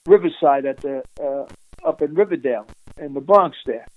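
A man voicing a big, volatile mobster who is boastful and menacing, raising his voice higher and brasher than his own. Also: moderate pace, a little mellow, soft background music, lightly acted, poor audio. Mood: insistent.

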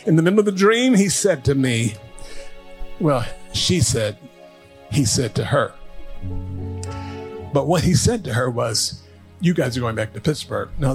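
An older male pastor with a medium-pitched voice preaches a sermon through stories, swinging between hushed asides and rising, emphatic lines.

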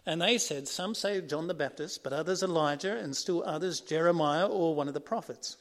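Male preacher with a high voice, earnest sermon delivery that swings from emphatic to quiet. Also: a little fast.

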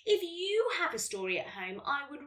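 A woman, hosting a children's podcast and reading a story in a gentle, lively way. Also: high voice, moderate pace, distant mic.

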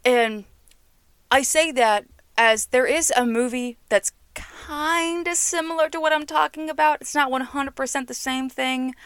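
A woman's voice: fairly high pitch, smooth, dry recording. A woman talking casually and chattily about movies as a solo commentator. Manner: chatty, animated, laughs often. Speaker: film commentator.

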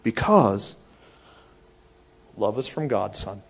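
A fairly low, husky voice with vocal fry belongs to a middle-aged pastor preaching at a slow pace. He animates his sermon's stories by acting out the voices of those in them.

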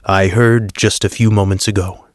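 A man's voice: normal speed, no room sound, studio quality, close to an everyday voice. A man doing a curt, stern Roman centurion. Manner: curt, low and flat. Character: stern battle-hardened centurion, grown man.

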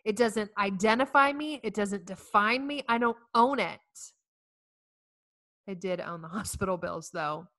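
A woman, giving a heartfelt inspirational talk to women, telling stories with earnest warmth and self-mocking humor. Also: a little high, dry recording. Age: 40s. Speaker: speaker addressing women facing infertility.

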